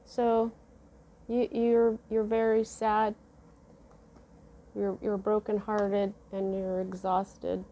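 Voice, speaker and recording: A woman giving a casual tarot reading, musing slowly with many fillers and restarts. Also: mid-range voice, monotone, warm tone, dull audio, a little hiss or hum. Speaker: tarot reader.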